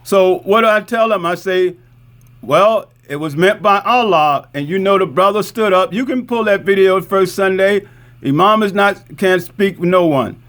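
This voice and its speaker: High-voiced middle-aged imam, chatty. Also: male voice, moderate pace, a bit bright. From Newark, New Jersey. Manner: conversational, repeats points, asks "right?" often. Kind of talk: community talk with show-and-tell.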